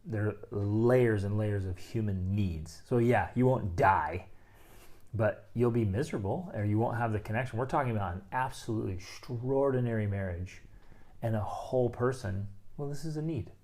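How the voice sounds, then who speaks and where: A man's voice: on the low side, moderate pace. A middle-aged man co-hosting a podcast, chatting casually and acting out the voices of people he quotes. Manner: animated, acts out quoted voices. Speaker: podcast co-host. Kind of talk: casual chat.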